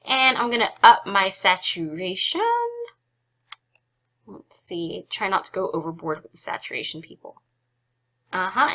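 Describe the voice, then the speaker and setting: A young woman hosting a casual software tutorial. She is chatty and giggly, with self-deprecating asides, and sounds slightly out of breath. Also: lowish voice. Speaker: photography tutorial host.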